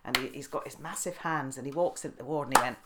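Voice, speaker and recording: Heavy background noise surrounds this middle-aged woman, a fast-talking guest with a bass voice in a casual interview. She tells stories with lots of laughter, performing the voices of anyone she quotes.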